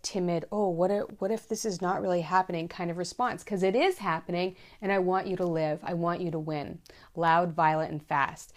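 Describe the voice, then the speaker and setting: Earnest, emphatic woman in her thirties. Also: fairly low pitch. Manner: earnest and emphatic, repeating key points. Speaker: mom vlogger giving safety tips. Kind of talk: casual direct-to-camera advice.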